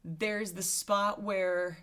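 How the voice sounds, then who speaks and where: Podcast co-host, a woman in her thirties. She talks in an animated, chatty way and breaks into laughter. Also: medium pitch, very slow, over a noisy crowd. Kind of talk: casual movie-discussion chat.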